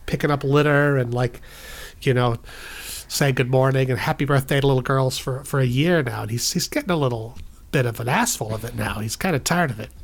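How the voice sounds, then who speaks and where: A man's voice: medium pitch, brisk. A man, a guest podcast host, improvising a playful bedtime story and acting out the characters' lines in raised voices.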